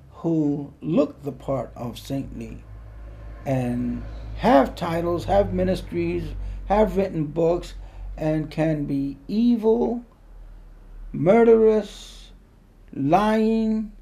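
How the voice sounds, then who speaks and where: A man preaching a sermon, with earnest, drawn-out emphatic phrasing and a gravelly voice. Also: a little high, dark tone.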